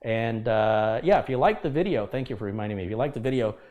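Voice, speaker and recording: A man's voice: mid-range voice, animated, fast, phone-quality sound. A man hosting a live computer repair stream, talking casually but with passion and emphasis, lecturing his viewers. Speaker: livestream host. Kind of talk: casual livestream talk.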